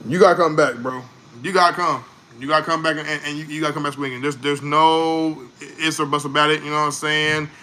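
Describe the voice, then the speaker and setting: Guy doing a music reaction, kinda high and bright, repeats himself, lots of uh and you know. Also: fast talker. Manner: animated, repeats himself, trails off with fillers. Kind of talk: casual reaction commentary.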